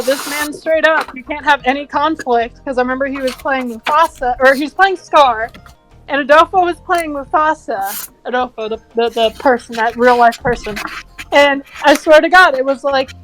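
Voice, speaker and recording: A young woman with a high voice tells an animated, exasperated story, swearing freely as she goes. It is casual chat among co-hosts, with faint music in the background. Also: normal speed, low-quality recording. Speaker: co-host.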